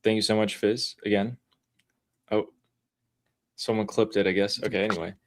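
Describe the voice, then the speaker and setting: Low-voiced man reading super chats. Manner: relaxed, reads messages aloud with quick asides. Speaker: livestream co-host. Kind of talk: casual livestream chat reading super chats.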